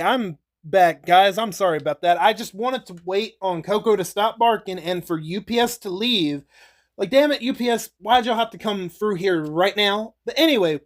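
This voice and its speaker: A man casually recapping and ranking movies for his channel in a rambling, chatty way, laughing and swearing as he goes. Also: sits high. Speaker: YouTuber reviewing movies.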